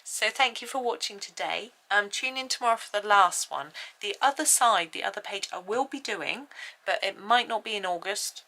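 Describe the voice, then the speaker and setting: A woman's voice: medium pitch, moderate pace, pushed and bright, poor audio. A woman with an English accent, chatting casually and thinking aloud as she colours, with rambling asides. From England. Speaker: colouring channel host. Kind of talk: casual chat while colouring.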